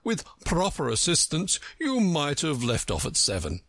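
A man's voice: on the high side, huge pitch swings, moderate pace, fairly bright tone, dry recording, clean studio sound, voice pushed up, full character voice. A man voicing a pompous, touchy male know-it-all from a storybook who lectures everyone he talks to. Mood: lecturing. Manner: self-important, lecturing.

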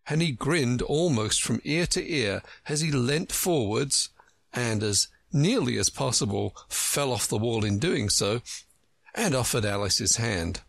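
Male narrator, storybook reading, lively pitch, gravelly texture. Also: no echo, studio quality. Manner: slow, expressive reading.

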